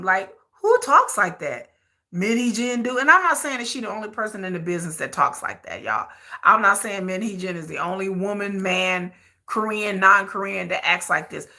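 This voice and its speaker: Bright sharp woman ranting blunt, repeating herself for emphasis. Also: mid-range voice, lively intonation, normal speed. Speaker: commentary channel host. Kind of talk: opinionated commentary.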